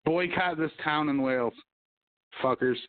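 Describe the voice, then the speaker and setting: Guy ranting and cussing on his podcast, kinda high voice, phone-line tinny sound. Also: a little slow, no echo. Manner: profane, ranting, hums to himself. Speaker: podcast host. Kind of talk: casual livestream rant.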